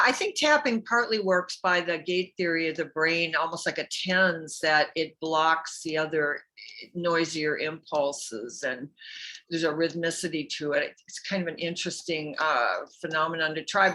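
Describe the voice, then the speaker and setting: A woman's voice: low-pitched, normal speed, pushed and bright. A woman in an online class offering a thoughtful comment in casual discussion, heard over a video call. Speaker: class participant.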